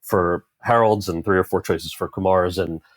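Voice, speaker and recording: A man with a fairly low voice talks through stories and industry views as an interview guest. He acts out quoted lines with sudden leaps in pitch. The recording is close and dry. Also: steady tone, moderate pace, dry recording. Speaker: actor guest. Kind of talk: conversational interview storytelling.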